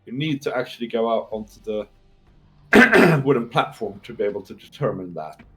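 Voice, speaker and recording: Soft music plays behind a game master whose medium-pitched, slightly bright voice is expressive and moderately paced. He narrates tabletop scenes descriptively, thinking aloud with fillers and restarts and clearing his throat between lines.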